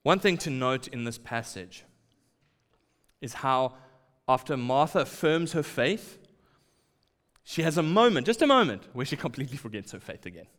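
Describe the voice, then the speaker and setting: A man's voice: mid-range voice, very animated, normal speed. Man preaching in a reverberant hall. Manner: acts out quoted lines, drops to quiet asides. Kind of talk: sermon.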